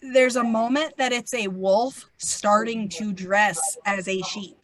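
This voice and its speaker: A woman with a New England accent hosting a casual faith chat, talking in an animated, chatty way with plenty of fillers. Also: medium pitch, takes it slowly, background noise. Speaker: host.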